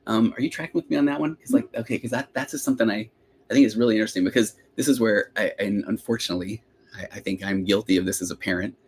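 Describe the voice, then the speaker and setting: A man's voice: on the low side, rapid-fire, darkish tone. A middle-aged man, a therapist hosting a live question-and-answer podcast, talking in a rambling, chatty way that often breaks off and restarts. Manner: rambling, self-interrupting, chatty.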